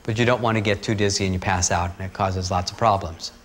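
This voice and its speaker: A man teaching breathing techniques, talking calmly and steadily through guided instructions. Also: low voice, quick pace, a little hiss or hum. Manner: calm, steady instructional talk with asides.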